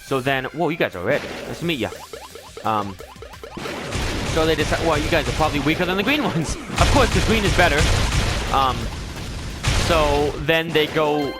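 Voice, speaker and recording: A young man hosting a game video, recapping a story in a casual, rambling and animated way with lots of filler words. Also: on the high side, moderate pace, long pauses, over loud music. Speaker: let's play host.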